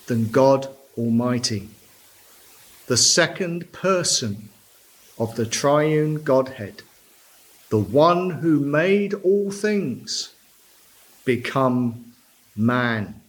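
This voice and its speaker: A man preaching a sermon from a church pulpit, slow and deliberate, stressing key words. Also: mid-range voice, lively intonation.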